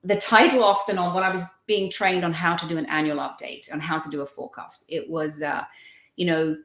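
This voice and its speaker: A woman's voice: on the low side, fairly even intonation, a little fast, fairly bright tone, roomy sound. A woman guest on a live-stream video call, telling personal anecdotes in a chatty, storytelling way. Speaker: guest feng shui consultant.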